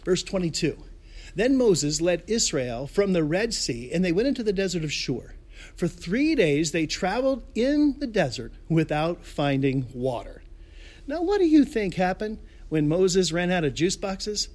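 A male pastor gives an online sermon in a high, lively voice that leaps up and down in pitch, at a measured pace. He tells the story playfully, adding pop-culture jokes and chuckling between lines.

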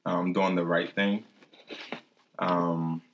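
A man chatting casually on a podcast, speaking slowly and hesitantly with many restarts. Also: low-pitched, flat delivery, a little hiss or hum, low-quality recording. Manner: hesitant, restarts often, slow and thoughtful. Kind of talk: casual chat.

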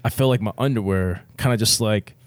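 A man's voice: on the low side, a little fast, no echo. Laid-back man telling a crude story. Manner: laid-back, profane, laughs often through his words. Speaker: military veteran guest telling a story. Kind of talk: casual storytelling on a podcast.

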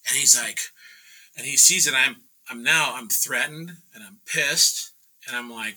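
Man, middle-aged, very bright tone, casual storyteller, acts out voices. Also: medium pitch, unhurried, breathy edge, low-quality recording. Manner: animated, acts out quoted voices, laughs often. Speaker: guest painter telling a story.

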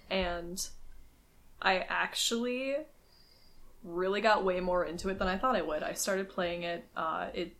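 A woman's voice: mid-range voice, measured pace, fairly bright tone. A woman co-hosting a podcast in casual chat, chatty and laughing often. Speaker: podcast co-host.

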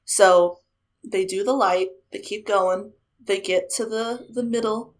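Taking it slowly, a medium-pitched woman retells a ghost story from a show to a friend. As a podcast co-host, she keeps it casual and lively, acting out the quoted lines.

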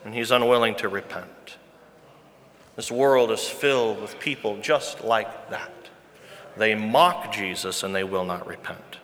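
A man's voice: on the low side, a little slow, a bit bright. A man preaching a sermon as pastor, earnest and emphatic, repeating his key phrases. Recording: long reverb from a large hall.

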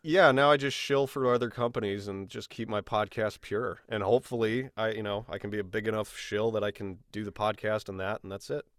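A man's voice: on the low side, brisk, few pauses, dry recording, clean studio sound. A young man hosting a podcast, chatting casually and telling stories with laughter. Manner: animated, laughing storyteller. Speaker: podcast host.

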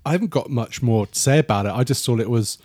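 A man's voice: medium pitch, fast talker, darkish tone, slightly rough, no echo, studio quality. A man chatting casually as a podcast co-host reviewing a film, rambling and restarting his sentences.

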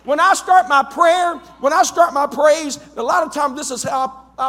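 A male pastor with an Ohio accent preaching a fervent sermon in a church, rising to shouts. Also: extremely high pitch, lively intonation, fairly quick, hardly any pauses. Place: church sanctuary. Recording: long church reverb.

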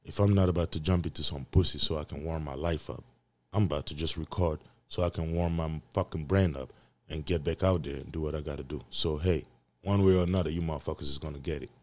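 Deep voiced guy rambling on his solo podcast at home, cussing nonstop. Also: fast, darkish tone. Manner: profane, ranting, rambling. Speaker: podcast host. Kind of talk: casual solo podcast rant.

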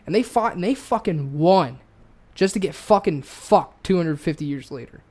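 A man's voice: on the high side, animated, moderate pace, mellow. Heated, profane man ranting. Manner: heated, profane, repetitive restarts. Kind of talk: casual ranting chat.

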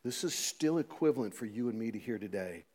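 Middle-aged pastor preaching in a reverberant church. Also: male voice, on the low side, fairly quick. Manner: animated, swinging between loud emphasis and quiet asides, many rhetorical questions. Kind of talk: sermon. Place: church sanctuary. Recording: long reverb of a church hall.

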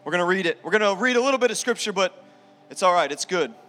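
A pastor preaches emphatically to his congregation in a high-pitched, lively voice that is bright and forceful, speaking fast. Scripture readings mix with casual asides, recorded live in a reverberant church hall with faint music.

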